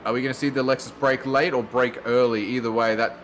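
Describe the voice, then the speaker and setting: A man's voice: mid-range voice, little pitch movement, fast talker, fairly bright tone, slight background noise. A man with an Australian accent doing chatty commentary on a sim race, laughing often.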